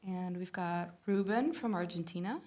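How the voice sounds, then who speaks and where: A woman co-hosting a live-stream art lesson. She chats easily and reads viewer questions aloud in a fairly low voice. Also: moderate pace, a little mellow. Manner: chatty, laughs often. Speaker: co-host reading viewer comments.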